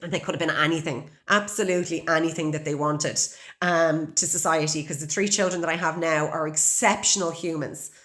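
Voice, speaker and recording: Fairly quick and fairly bright, her low voice keeps a fairly even intonation. The speaker is a podcast host from Ireland in her forties, recounting a raw personal story with blunt, heavily profane language and emotion laid bare.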